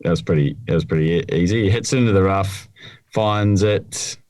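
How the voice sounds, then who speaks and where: A man's voice: low-pitched, normal speed, darkish tone, no room sound. A man co-hosting a casual podcast, rambling and hesitant, often trailing off mid-thought. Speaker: podcast co-host.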